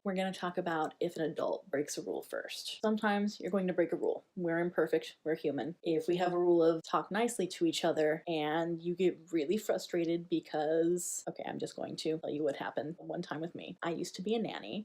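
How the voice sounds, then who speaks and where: A young adult woman, a parent educator, giving candid, chatty parenting advice straight to camera. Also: on the low side. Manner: chatty, candid, with fillers like "like" and soft laughs. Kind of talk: casual advice talk to camera.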